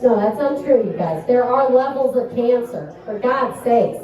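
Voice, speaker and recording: A woman delivers a rambling, self-deprecating stand-up set in a slightly high voice. She sounds far from the microphone, and the small club around her rings with a heavy echo. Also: expressive, unhurried, hardly any pauses, warm tone. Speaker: comedian. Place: small comedy club stage. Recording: echoey club heard from a distance.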